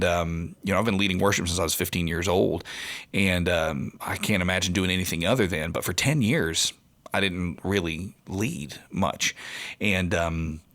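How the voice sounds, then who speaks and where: A man's voice: low voice, creaky, fairly bright tone. A man in his forties, a podcast co-host and worship leader, telling a long personal story in casual chat. He talks in an earnest, rambling way.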